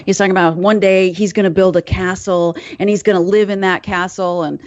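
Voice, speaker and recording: A woman's voice: medium pitch, steady tone, a little fast, a little mellow, no echo, lo-fi sound. A woman, a forensic psychologist and podcast co-host, telling stories in casual chat and laughing easily. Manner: chatty storyteller, laughs easily.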